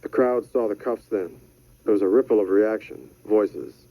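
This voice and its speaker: A man narrating a thriller audiobook in a measured, deadpan manner. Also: lowish voice, no room sound. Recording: dry, slightly dull studio audio.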